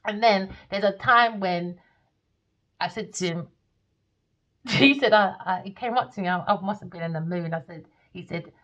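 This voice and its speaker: A woman's voice: mid-range voice, moderate pace, pauses often, highs cut off. Blunt, sweary woman. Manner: blunt, swears freely, animated. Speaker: tarot reader. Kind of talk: casual storytelling monologue.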